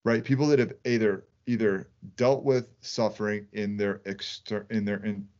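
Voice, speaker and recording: A man's voice: lowish voice, fairly even intonation, normal speed, darkish tone, highs cut off. A man co-hosting a podcast, thinking aloud in casual conversation and often checking in with "right?". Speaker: podcast co-host.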